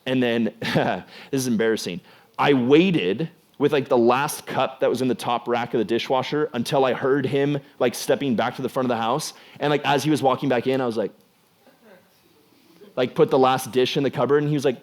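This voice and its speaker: A young man preaching to a youth group in a loose, chatty way, scattering "like" through his sentences. His voice sits at an ordinary middle pitch for a man. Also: moderate pace. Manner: conversational, filler-heavy with frequent "like". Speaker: youth pastor. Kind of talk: casual youth sermon.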